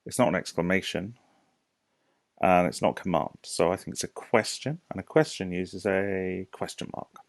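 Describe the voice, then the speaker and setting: This man, a British primary school teacher, speaks in a deep voice as he delivers a recorded lesson to young children. His explanations are slow, clear and patient, punctuated by rhetorical questions to the class, and there is no room sound.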